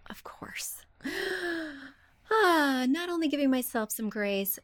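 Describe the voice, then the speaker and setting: A woman's voice: on the high side, a bit bright, no echo. A woman hosting a design podcast, reading listener emails aloud and giving casual advice with chatty, self-deprecating asides. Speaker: podcast host, interior designer.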